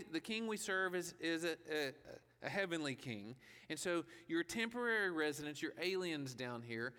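Male pastor, slightly high and bright, chatty sermon with "right?" asides, reverberant church hall. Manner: conversational preaching with rhetorical questions.

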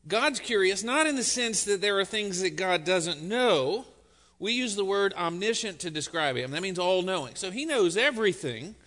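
A man's voice: high voice, expressive, normal speed, fairly bright tone. A man preaching as a pastor, talking in a loose, joking, conversational way to his congregation. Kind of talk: sermon. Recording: long church reverb.

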